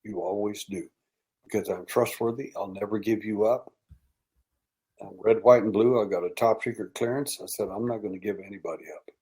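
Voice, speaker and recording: An American man guesting on a podcast, telling long stories with lively acted-out dialogue. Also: on the low side, normal speed. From United States. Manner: animated storyteller acting out quoted dialogue. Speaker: podcast guest, alien abduction researcher. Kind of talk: storytelling in casual interview.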